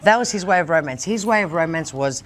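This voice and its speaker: A woman's voice: lowish voice, animated, fast talker, slight background noise. A middle-aged woman from Australia, hosting a casual studio chat and telling stories in a candid, blunt way. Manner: candid, blunt storyteller, swears freely. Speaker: host.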